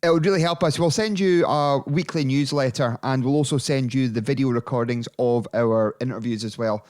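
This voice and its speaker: A man's voice: medium pitch, brisk, darkish tone. A man co-hosting a casual podcast, chatty and jokey as he plugs the show. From Scotland. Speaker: podcast co-host.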